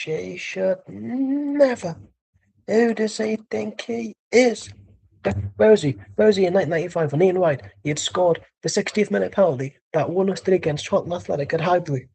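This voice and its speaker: A man's voice: high-pitched, animated, normal speed, gravelly, a little mellow, slightly rough, pitched above the performer's own voice, full character voice. A man putting on the voice of a touchy, self-important adult male football fan who lectures indignantly. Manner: indignant, preachy, defensive.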